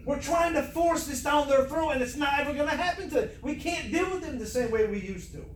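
A man's voice: very high voice, brisk. A man preaching a fervent, emphatic sermon, repeating words for stress. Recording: echoey room, faint noise.

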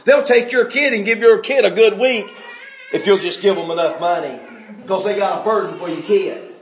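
Shouting preacher, high voice. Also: male voice, moderate pace, roomy sound, faint music behind. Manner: shouting, swinging between loud outbursts and low, quiet stretches. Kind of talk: fiery sermon.

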